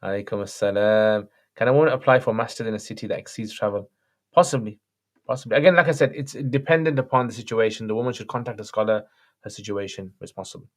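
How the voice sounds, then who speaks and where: A man hosting a livestream and answering viewer questions in a relaxed, chatty way. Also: lowish voice, fast. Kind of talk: casual chat.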